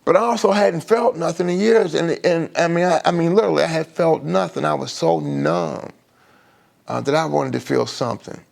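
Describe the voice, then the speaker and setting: A middle-aged man sharing his recovery story in an emotional personal testimony on a live stream, halting often and restarting his sentences. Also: on the high side, creaky, darkish tone. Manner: halting, with many restarts and fillers.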